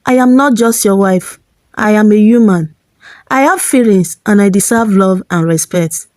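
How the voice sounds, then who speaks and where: A woman doing a firm, calm young wife. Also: mid-range voice, no room sound, clean studio sound, close to an everyday voice. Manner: calm, firm, measured pleading. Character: young wife standing her ground firmly.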